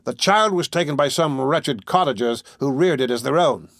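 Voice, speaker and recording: A man's voice: mid-range voice, normal speed, a bit bright, no echo, voice pushed up, close to an everyday voice. Male reader as a cold bitter villain, dry close read. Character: sullen bitter villainous man.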